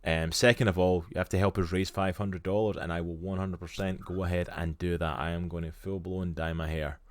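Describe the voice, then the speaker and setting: Deep-voiced Scottish man chatting on stream. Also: little pitch movement, a little fast, no echo. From Scotland. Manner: chatty and enthusiastic, with lots of "literally" and "like". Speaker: stream co-host. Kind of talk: casual chat on a live stream.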